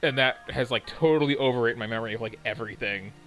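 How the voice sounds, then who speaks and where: A man's voice: mid-range voice, fast talker, a bit bright, rough recording. A man giving rambling, wry and self-deprecating commentary while streaming a video game. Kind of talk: casual gameplay commentary. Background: game music.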